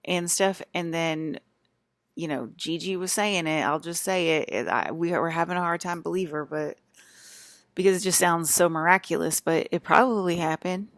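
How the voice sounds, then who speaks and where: Low-pitched, with no room sound, a mother who vlogs talks to her audience from a hotel room. She's chatty and meandering, frequently restarting mid-sentence.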